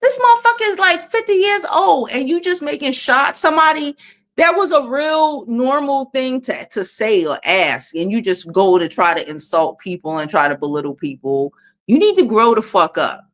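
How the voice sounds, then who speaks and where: A woman's voice: a little high, moderate pace. A woman hosting a casual livestream from her phone, talking bluntly and with plenty of swearing while she reads out viewer comments. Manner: blunt, profane, animated. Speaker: livestream host.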